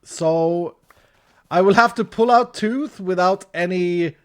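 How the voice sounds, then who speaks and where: A man voicing a big, blunt Italian male dentist who speaks halting, broken English with a faint Russian tinge. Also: high voice, clear, resonant tone.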